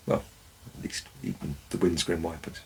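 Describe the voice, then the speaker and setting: A man's voice: low voice, steady tone, normal speed, gravelly, background noise. A man, a former forest warden, tells wry anecdotes in a dry, storytelling way. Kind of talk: storytelling narration.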